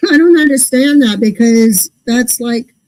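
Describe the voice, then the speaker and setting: A woman's voice: high voice, expressive, takes it slowly, darkish tone, low-quality recording. A woman co-hosting a podcast, chatting casually and puzzling over her pet peeves in a ranting way. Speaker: podcast co-host. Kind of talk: casual chat.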